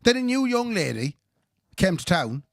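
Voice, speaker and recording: A man's voice: high-pitched, very animated, moderate pace, gravelly, no echo, studio quality. A man co-hosting a podcast, telling rambling anecdotes with chuckles. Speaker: podcast co-host. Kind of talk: casual storytelling.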